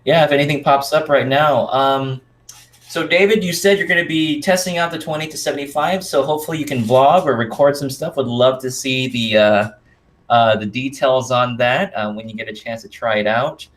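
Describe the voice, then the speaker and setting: A man's voice: medium pitch, moderate pace, fairly bright tone. A man hosting a live stream who reads out viewer questions and answers them in an easygoing way, laughing often. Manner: easygoing, laughs often, stumbles over names. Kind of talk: casual live-stream chat, reading viewer comments.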